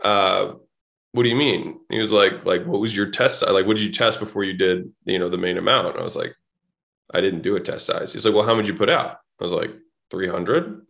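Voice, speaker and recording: A man's voice: sits low, fairly even intonation, quick pace, gravelly, fairly bright tone. A man guest on a podcast telling blunt, casual stories, swearing freely and acting out both sides of conversations. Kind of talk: casual storytelling.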